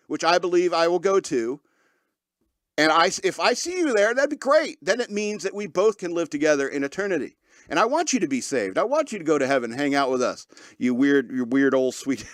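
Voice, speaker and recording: Sarcastic, animated male podcast host. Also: fairly high pitch, no echo, studio quality. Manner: sarcastic, joking, laughs often mid-sentence. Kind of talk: casual comedic commentary on news.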